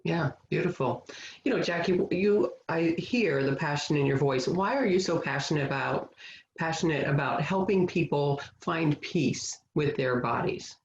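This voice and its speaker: An interview host asking questions and offering warm affirmations like "beautiful" and "awesome". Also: medium pitch, moderate pace, reverberant, muffled recording, a little hiss or hum. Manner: warm, affirming, gives frequent "mm-hmm". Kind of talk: conversational interview.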